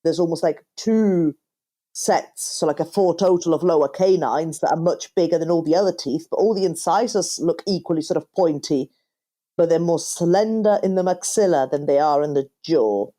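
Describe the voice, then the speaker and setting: A woman's voice: low-pitched, normal speed, warm tone. A woman co-hosting a casual podcast chat, thinking aloud with hesitant, self-correcting phrasing. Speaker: podcast co-host.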